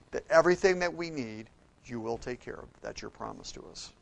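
A man preaching a sermon, telling stories with acted-out quotes and swinging between loud outbursts and soft, quiet passages. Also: mid-range voice, animated, a little fast, creaky, no room sound.

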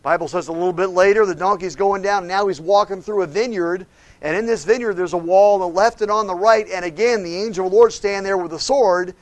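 A man preaching a sermon, retelling a Bible story with lively voices for each character. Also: high-pitched, fast talker, no echo.

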